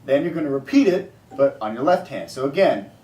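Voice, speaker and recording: A man's voice: medium pitch, lively intonation, fairly quick, distant mic. A man teaching a drumming exercise, explaining sticking and counting rhythms aloud. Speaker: drum teacher. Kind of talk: casual instructional explanation. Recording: echoey room, off-mic, noisy.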